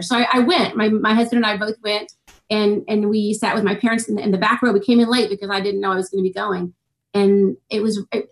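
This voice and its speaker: Fast-talking, animated woman telling her story. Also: mid-range voice. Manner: animated storytelling, acts out quoted voices. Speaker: guest author. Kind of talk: testimony in an interview.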